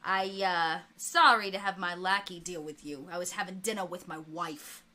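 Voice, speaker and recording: A woman voicing a calm, quietly threatening male mob boss in a tabletop game. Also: sits high, moderate pace. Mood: calm menace.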